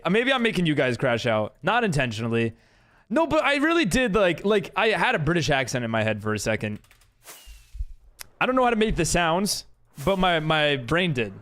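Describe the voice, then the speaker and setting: A man whose voice runs on the high side, a bit bright, hosts a live game stream. Chatting casually, he reads viewers' messages out loud and rambles through his replies with frequent giggles.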